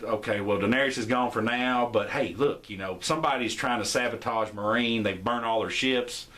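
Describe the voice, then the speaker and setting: Rambling man retelling a show. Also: a bit bright. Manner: rambling, acts out quotes with shifting pitch. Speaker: podcast host. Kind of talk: casual recap chat.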